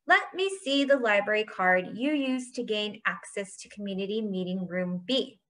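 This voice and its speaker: A woman voicing an eccentric, booming older game-maker in a storybook read-aloud. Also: moderate pace, fairly bright tone, lightly acted. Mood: theatrical. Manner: booming, theatrical.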